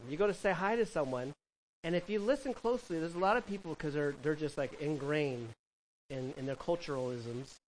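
A fairly high-voiced man from California delivers a conversational sermon, often turning to the room with questions. He animates his points by acting out everyday voices. A faint hiss sits under the recording. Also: poor audio. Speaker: pastor.

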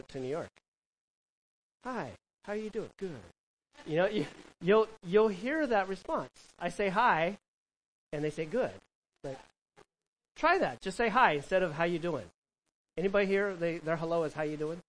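A man's voice: a little high, a bit bright, poor audio. A man from California preaching a conversational sermon, asking the congregation questions and acting out quoted voices. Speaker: pastor.

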